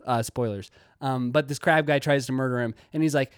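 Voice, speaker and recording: A young man talks through a casual video essay in a mid-pitched voice. He rambles and restarts often, and it is recorded close in a dry space. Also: steady tone, fairly quick, clean tone, dry recording. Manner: rambling, many fillers and restarts.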